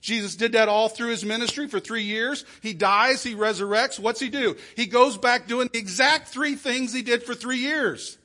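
High, bright-voiced preaching man. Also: moderate pace, few pauses. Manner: emphatic preaching with sudden loud peaks and drops to a hush. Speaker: pastor. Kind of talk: sermon. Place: church sanctuary.

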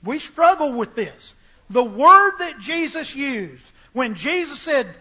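Male preacher, sermon, very high voice, emphatic repetition. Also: very animated, slow pace, bright, forceful tone.

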